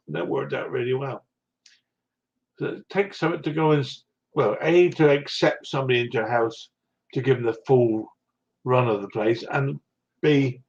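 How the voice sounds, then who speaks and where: A man with a West Country English accent talking on a live stream at a middling pitch. He rambles in a chatty way and chuckles as he answers viewers. The stream audio sounds dull and lo-fi. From South West England. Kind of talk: casual live-stream chat.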